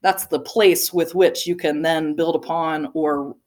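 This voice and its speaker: A young woman tells a personal story from the stage, her voice sitting a little low. She is animated, laughs often and fills her talk with "like.". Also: measured pace. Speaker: speaker.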